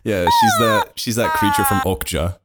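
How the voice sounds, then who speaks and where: A man's voice: lowish voice, huge pitch swings, normal speed. A man co-hosting a podcast, crude and teasing, laughing often in casual banter. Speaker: podcast co-host.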